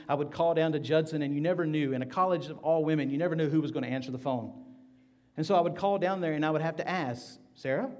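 Earnest man preaching a sermon. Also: on the high side. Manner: earnest preaching, rising to loud scripture reading, dropping to soft hushed appeals. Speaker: pastor.

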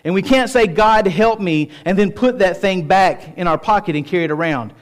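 A man in his forties preaching from a church stage, with a voice that sits a little high for a man. He keeps it conversational and pokes fun at himself, then builds into emphatic, driving stretches. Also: expressive, brisk. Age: 40s. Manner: conversational preaching, self-deprecating, rising to emphatic passages. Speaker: pastor. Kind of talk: sermon.

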